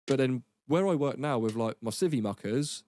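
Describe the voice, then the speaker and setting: A man, an army veteran guest telling rapid, sweary, laughing anecdotes in a casual podcast chat. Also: medium pitch, lively intonation, a little mellow.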